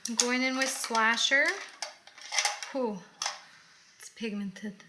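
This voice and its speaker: A woman's voice: a little high, steady tone, takes it slowly, noisy background. A woman co-hosting a casual makeup tutorial, playful and giving tips as she goes. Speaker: co-host of a makeup channel.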